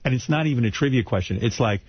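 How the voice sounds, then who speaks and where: A man's voice: mid-range voice, fast, husky. A man, hosting a radio show in brash, ranting banter. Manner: brash, ranting, mock-incredulous. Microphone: studio microphone. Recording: dull, dry studio broadcast audio.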